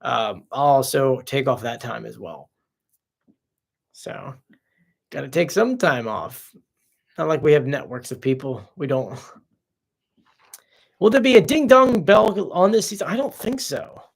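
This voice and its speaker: Male live-stream host, mid pitch with a gravelly, fry-heavy voice, casual, reads out and answers viewer questions. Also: lively intonation, a little slow, pauses often. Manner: chatty, reads out viewer comments and answers off the cuff.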